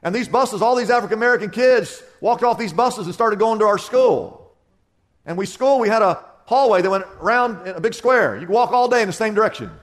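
A male pastor from Kansas preaching with a notably high voice. He tells his story vividly and drops to a hushed tone for the heavy parts. The delivery is sermon-style from start to finish. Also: animated, a little fast.

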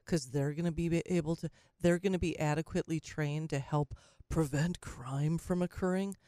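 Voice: mid-range voice, steady tone, normal speed, mellow, dry recording. Sarcastic talk radio host, dry studio sound. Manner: sarcastic, with frequent stumbles and restarts. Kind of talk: opinionated talk radio monologue.

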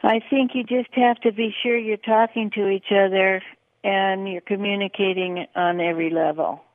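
An older woman in her eighties speaks affectionately and agreeably. Her voice is gravelly and dry, squeezed through a tinny phone line. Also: medium pitch, fairly even intonation, moderate pace, no room sound. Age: 80s. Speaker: guest, the host's mother.

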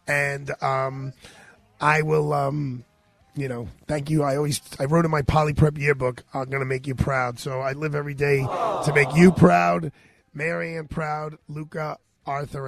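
A man, a radio host telling a personal story with a sore throat, animated and retelling dialogue. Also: a little high, a little slow, creaky. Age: 50s.

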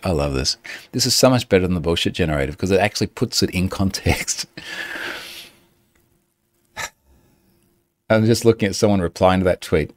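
Low voice guy ranting casually, sarcastic, voice jumps all over, dead dry sound. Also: moderate pace, long pauses, no room sound. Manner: sardonic, animated, often laughing. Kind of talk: casual chat.

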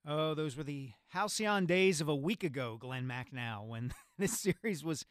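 A man hosting a sports talk radio show, articulate and brisk, on a studio microphone. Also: on the high side, animated, clean tone, no echo.

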